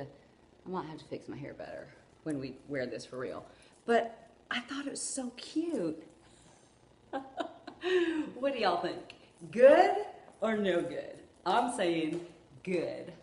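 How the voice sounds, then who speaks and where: A woman vlogging an unboxing at home, gushing and rambling with excitement. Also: deep voice, moderate pace. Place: room at home. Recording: echoey room with faint ambience.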